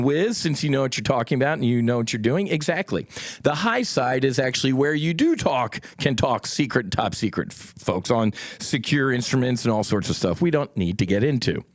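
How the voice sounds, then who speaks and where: A man's voice: medium pitch, very animated, normal speed, no room sound. A middle-aged man, a former fighter pilot, hosting a solo podcast in a studio, talking in a blunt, combative and profane way with folksy asides to his listeners.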